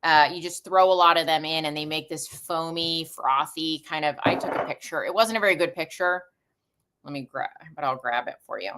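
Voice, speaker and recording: Middle-aged woman, live-stream host, chatty and rambling, lowish bright voice on a camera mic. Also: a little fast, slight background noise. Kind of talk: casual live-stream chat.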